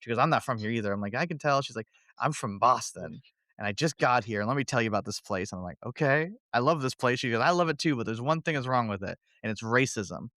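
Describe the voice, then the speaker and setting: A man's voice: medium pitch, expressive, fast talker, few pauses, fairly bright tone, dry recording, clean studio sound. A man from Kentucky co-hosting a podcast, telling wry, laid-back stories in casual chat. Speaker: podcast co-host.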